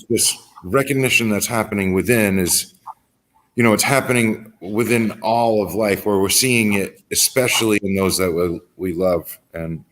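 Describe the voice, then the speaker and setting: A man's voice: on the low side, a little hiss or hum. A man hosting a talk show, speaking reflectively and hesitantly with frequent ums. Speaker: host. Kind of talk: casual reflective chat.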